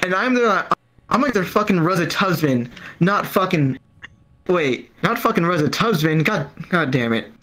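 A man's voice: sits high, lively intonation, moderate pace, a bit bright, slight background noise, low-quality recording. A man doing open mic stand-up, rambling and stammering through a profane story while acting out the people in it. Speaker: stand-up comedian. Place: comedy club stage.

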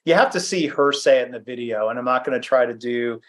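A man's voice: medium pitch, fast talker. Brief: man presenting a webinar from his home office, easygoing and self-deprecating, mid-range voice. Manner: conversational, self-deprecating, with fillers and restarts. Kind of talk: presentation with anecdotes.

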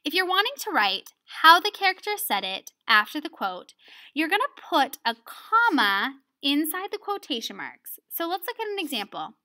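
A woman's voice: sits high, very animated, normal speed, pushed and bright. A woman teaching a writing lesson on dialogue, explaining step by step and often checking in with "right?". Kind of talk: recorded lesson video.

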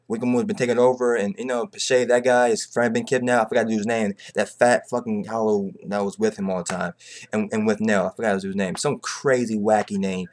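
A man rants in casual chat with a middling pitch, rambling and repeating himself. He swears freely and his voice jumps up sharply whenever he gets exasperated. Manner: rambling, profane, repeats phrases like "bro" and "you know what I'm saying"; animated, pitch jumps high when exasperated. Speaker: manga commentator.

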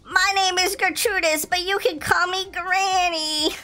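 A woman's voice: very high-pitched, steady tone, unhurried, bright, forceful tone, pitched above the performer's own voice, heavily acted. A woman voicing a kindly elderly grandma in a game, cooing and sweet.

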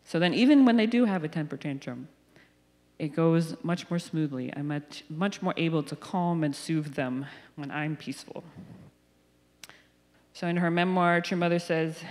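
A woman's voice: sits low, normal speed. Woman preaching casually in a church hall. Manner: warm, chatty storytelling with little asides. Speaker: pastor. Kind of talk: sermon.

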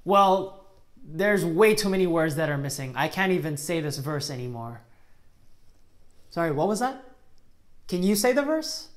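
A woman's voice: fairly low pitch, expressive, normal speed, long pauses. A woman teaching children a Bible memory verse in an upbeat, encouraging way, acting playfully exasperated at a helper. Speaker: Sunday school teacher.

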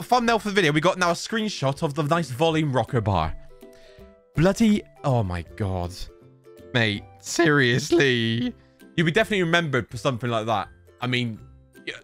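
A YouTuber reacts to social media posts, reading them aloud with casual exasperation and plenty of exclamations. He's a young man with a mid-range, slightly bright voice.

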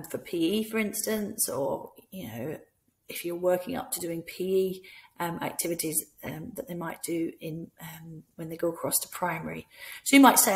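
Scottish lady walking nursery staff thru french routines, lowish voice, goes all sing-song on the questions. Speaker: language teacher for nursery staff. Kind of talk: instructional talk for teachers.

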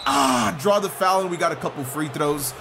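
A man giving excited gameplay commentary as a gaming YouTuber, shouting and groaning at the game as it goes. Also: fairly high pitch, a little fast, noisy background. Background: game music and sounds.

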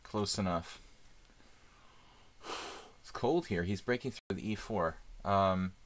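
Low-voiced man musing over chess moves. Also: takes it slowly. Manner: thinks aloud, musing with many fillers. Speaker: chess streamer. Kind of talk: casual live commentary while playing.

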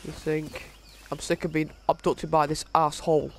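Brief: exasperated gamer narrating play, gravelly, with faint background noise. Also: male voice, on the high side, level tone, moderate pace. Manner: sweary, exasperated. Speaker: gaming video host. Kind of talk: casual gameplay commentary.

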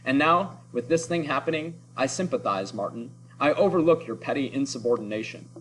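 A man's voice: mid-range voice, expressive, a little fast, fairly bright tone, slight background noise, close to an everyday voice, low-quality recording. A man voicing a stern, dismissive starship captain who talks in clipped, scornful bursts during a story read-aloud. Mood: impatient.

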